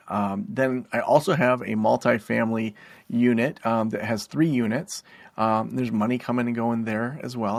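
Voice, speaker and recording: A man's voice: mid-range voice, vocal fry, no echo. A man hosting a solo podcast, explaining tips in a casual, rambling way with lots of fillers and asides. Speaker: podcast host and private practice consultant.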